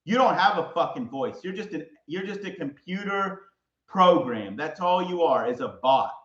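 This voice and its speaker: A man with a fairly high voice rants in a furious, shouting, profane tirade. The sound is roomy and echoing, and the recording is dull and lo-fi. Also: lively intonation, moderate pace. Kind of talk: angry solo rant.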